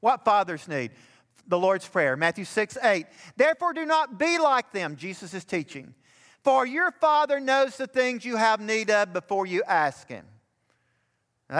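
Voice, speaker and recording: A man's voice: sits high, a bit bright, in a large hall. An older man from Alabama, preaching a sermon as pastor and rising to fervent emphasis.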